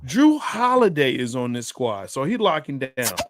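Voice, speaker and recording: A man's voice: mid-range voice, sing-song, normal speed, dry recording, clean studio sound. A man co-hosting a sports show, in a casual, joking, trash-talking chat with laughs. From Dallas area. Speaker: sports podcast co-host.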